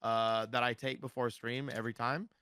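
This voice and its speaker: A man's voice: medium pitch, flat delivery, normal speed, sharp tone, smooth, no room sound, studio quality. A man guest on a podcast, chatting casually with lots of fillers and restarts. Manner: rambling, many fillers and restarts. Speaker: streamer guest.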